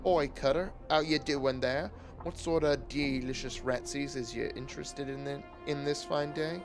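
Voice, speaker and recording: A man's voice: mid-range voice, fairly even intonation, moderate pace, music in the background, close to an everyday voice. A man voicing a grimy, grinning male street hawker selling cooked rats with pushy, chummy sales patter.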